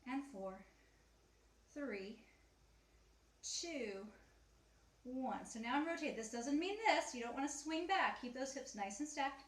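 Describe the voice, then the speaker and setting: Brief: female Pilates instructor, somewhat high voice, a little winded, upbeat cueing and counting, echoey home room. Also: lively intonation, slow, long pauses. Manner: encouraging, counts reps aloud, chatty asides. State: slightly out of breath. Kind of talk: guided mat workout cueing. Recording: echoey room, faint ambient noise.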